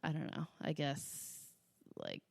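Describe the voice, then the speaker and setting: Animated, swearing woman podcast co-host. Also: low-pitched, takes it slowly, creaky, no room sound, studio quality. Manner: animated storyteller, swears a lot, acts out quotes. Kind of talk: casual chat.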